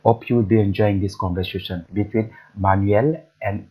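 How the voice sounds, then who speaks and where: A man teaching French pronunciation, repeating each word slowly so learners can drill it. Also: on the low side, fairly even intonation, a little mellow, slightly rough, low-quality recording. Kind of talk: pronunciation lesson.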